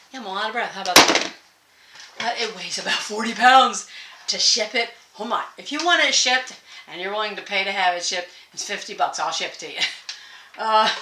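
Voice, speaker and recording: A woman, hosting a casual sewing vlog from her sewing room, folksy and rambling with frequent laughs. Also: mid-range voice. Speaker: sewing channel host. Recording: echoey room, faint noise.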